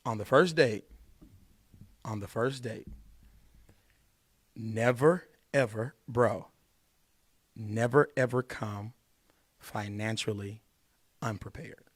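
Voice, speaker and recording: A man's voice: fairly low pitch, slow, pauses often, breathy edge, no room sound, studio quality. A man hosting a podcast, giving dating advice in an emphatic, preachy way and repeating his points for force. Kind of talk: casual podcast talk.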